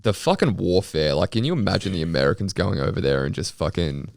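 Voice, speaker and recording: Low gravelly man chatting. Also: animated, fast, darkish tone, no echo, clean studio sound. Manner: sweary, laid-back banter. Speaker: podcast co-host. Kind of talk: casual chat.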